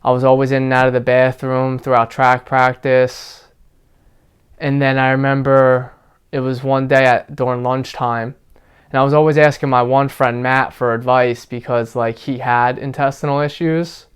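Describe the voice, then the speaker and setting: A young man being interviewed, recounting his experiences in a relaxed, casual way, with lots of fillers like "like". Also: medium pitch, normal speed, clean tone. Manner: relaxed, filler-heavy storytelling with frequent "like". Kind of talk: casual personal account.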